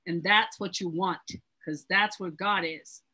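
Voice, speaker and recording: A woman's voice: lowish voice, steady tone, unhurried, bright, forceful tone, slightly rough, poor audio. A woman teaching a Bible study class in an earnest, emphatic way, often repeating her words.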